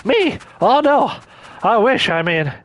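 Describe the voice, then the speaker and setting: A twitchy, flustered young stranger in a game, pitched high and bouncing all over, as a man puts him on. He rambles and trips over his own excuses. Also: sing-song, takes it slowly, fairly bright tone, exaggerated voice. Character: jittery odd young male stranger.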